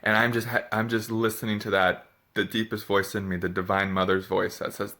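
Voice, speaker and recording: A man speaking in a confessional vlog, feeling sick and drained, with a halting, soft, searching delivery. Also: fairly low pitch, level tone. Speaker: spiritual vlogger.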